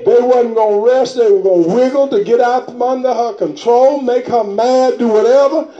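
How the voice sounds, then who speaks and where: A middle-aged man preaching a charismatic sermon, shouting and drawing out phrases, breaking into tongues. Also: very high-pitched, reverberant, highs cut off. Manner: shouting, drawn-out emphatic phrases, speaking in tongues.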